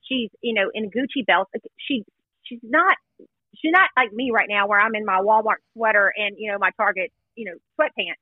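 A woman guest with a mid-range voice and moderate pace chats casually over tinny phone-line audio with no room sound. Recounting a story in a gossipy conversation, she is emphatic and chatty, hammering home points with "let me tell you."

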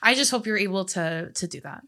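A woman's voice: mid-range voice, expressive, brisk, sharp tone. A young adult woman co-hosting a podcast, chatty and affectionate, reading listener questions aloud. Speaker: podcast co-host. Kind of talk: casual chat.

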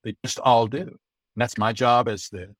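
A middle-aged American man, a guest on an interview, telling lively anecdotes and acting out the dialogue he quotes. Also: medium pitch, moderate pace, no echo. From United States. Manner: lively storyteller who acts out quoted dialogue. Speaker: guest, Olympic bid consultant.

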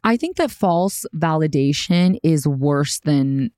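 A woman co-hosts a casual recap podcast, talking with a low, mellow voice. Her delivery is animated, jumping up and down in pitch and full of "like"s. The sound is close and dry. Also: slow, dry recording. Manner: animated, filler-heavy. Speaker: podcast co-host.

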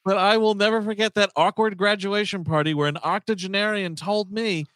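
A man co-hosting a comedy podcast, reading a listener's story aloud in a casual, animated way with lots of fillers. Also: high voice, brisk, dry recording.

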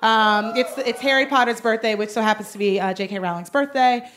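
A young woman hosting a podcast spins a comic story with a fairly high voice, tumbling through fillers and laughter. Her excitement keeps the telling loose and rambling. A faint noise sits behind the recording. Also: fairly quick. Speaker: podcast host. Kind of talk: comedic storytelling.

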